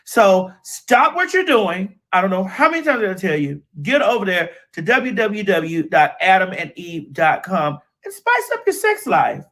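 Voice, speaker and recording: A man's voice: high-pitched, big pitch swings, normal speed, few pauses, pushed and bright. A man doing a playful sponsor read for a live show, sassy and teasing, calling listeners honey. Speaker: co-host reading the sponsor spot.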